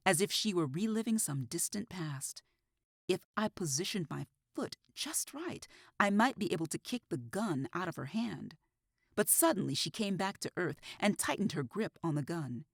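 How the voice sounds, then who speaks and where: Husky woman reading an audiobook. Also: lowish voice, big pitch swings, dry recording, studio quality. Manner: measured storytelling. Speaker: audiobook narrator. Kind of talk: scripted first-person audiobook narration.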